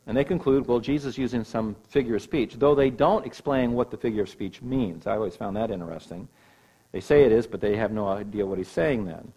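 A man's voice: on the low side, fairly quick, dark tone, husky, poor audio. Emphatic man preaching. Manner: emphatic teaching with rising and falling emphasis. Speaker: pastor. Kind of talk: sermon.

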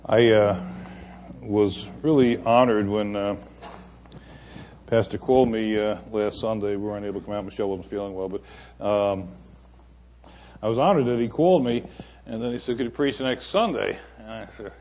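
An older man as a guest preacher, delivering a sermon in a folksy, unhurried way, telling stories with many pauses. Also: lowish voice, fairly even intonation, dark tone, slight background noise.

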